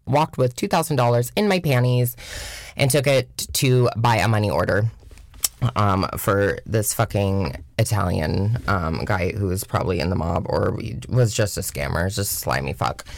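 A woman's voice: extremely low pitch, moderate pace, creaky, dry recording. A young adult woman from Washington State, telling a casual, profane storytime with lots of filler words. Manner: chatty, profane, heavy filler "like", mocking voices in quotes. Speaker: vlogger.

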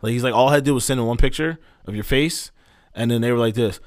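A man's voice: mid-range voice, fast. Laid-back slangy young man telling stories. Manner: slangy, profane, laid-back delivery with many fillers. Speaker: podcast co-host. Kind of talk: casual storytelling chat.

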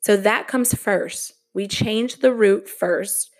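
Woman podcast host, motivational, slow and earnest, casual delivery. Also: mid-range voice.

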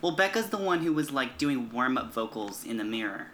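A man's voice: mid-range voice, big pitch swings, fairly quick, a bit bright, slight background noise. A man co-hosting a podcast in casual chat, snarky and giggling, tossing off playful jokes. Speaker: podcast co-host.

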